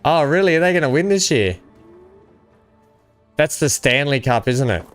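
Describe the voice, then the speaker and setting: A man's voice: on the high side, expressive, moderate pace, dry recording, faint music behind. An Australian man hosting a gaming video, chatting casually and enthusiastically while he plays, often rambling. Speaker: gaming channel host. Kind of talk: casual gameplay chat.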